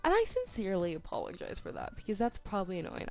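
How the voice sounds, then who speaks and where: A teenage girl chatting over a game build, soft-spoken and tongue-tied, with voice cracks and constant "like"s. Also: medium pitch, huge pitch swings, quick pace, faint music behind. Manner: chatty, self-deprecating, lots of "like", tongue-tied restarts. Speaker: YouTuber. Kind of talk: rambling voice-over chat during a speed build. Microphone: home desk microphone.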